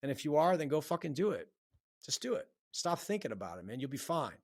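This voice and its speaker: A man's voice: a little high, big pitch swings, fast, a little mellow, no echo, studio quality. A man hosting a solo podcast, giving a blunt, profane, fired-up pep talk. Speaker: podcast host. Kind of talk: solo motivational podcast monologue.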